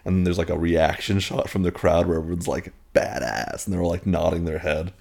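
Low-voiced man rambling through a recap. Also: little pitch movement, fast, creaky, a little mellow. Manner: rambling, heavy use of filler words; playful and irreverent, swears casually. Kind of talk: casual film recap.

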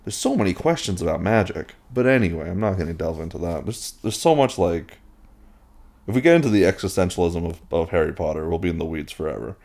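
A man's voice: low-pitched, animated, fast, creaky, darkish tone. A man giving a casual, rambling film recap with a playful, irreverent tone and lots of filler words.

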